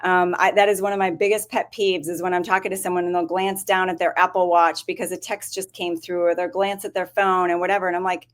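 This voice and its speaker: A woman's voice: fairly low pitch, little pitch movement, quick pace, hardly any pauses. A woman guest who is a dietitian, talking casually in a chatty way with frequent fillers. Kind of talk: casual chat.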